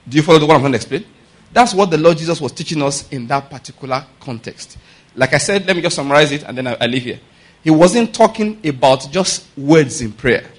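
A man's voice: high voice, husky. A male pastor preaching a conversational sermon, asking rhetorical questions and laughing between points.

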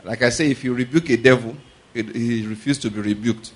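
Speaking briskly in a slightly rough, middle-pitched voice, a male preacher gives a conversational sermon. He keeps checking in with "are you getting my point?" and "all right?", chuckling and wandering into stories.

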